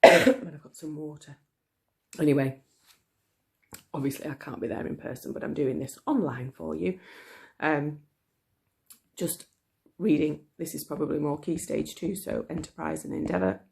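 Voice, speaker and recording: A hoarse teacher, chatty and apologetic, coughing now and then, reading a classic novel aloud to pupils online. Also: mid-range voice, fairly even intonation, normal speed, long pauses, a little mellow. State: hoarse, frog in the throat. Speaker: primary school teacher.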